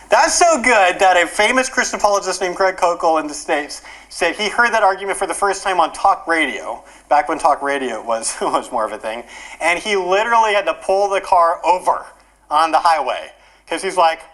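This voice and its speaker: A male workshop speaker explains ideas at a brisk clip. His pitch swings lively and expressive, and he keeps the room engaged with an animated delivery. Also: rough recording. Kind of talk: conference workshop lecture.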